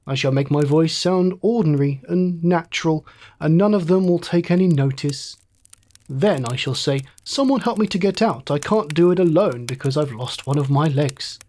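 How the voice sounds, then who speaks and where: A storyteller putting on a wounded young fighter pilot, a man whose thoughts run on in a light, musing way. His voice sits a little high and lifts brighter as he daydreams. He sounds dazed yet oddly cheerful. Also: close to an everyday voice. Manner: light, musing inner monologue.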